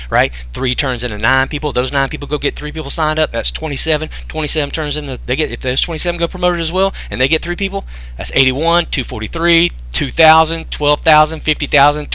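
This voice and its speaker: A man with a bright, mid-range voice and a forceful tone hosts a live online sales webinar. He jokes around and fires off rhetorical questions in folksy slang as he casually pitches a business program.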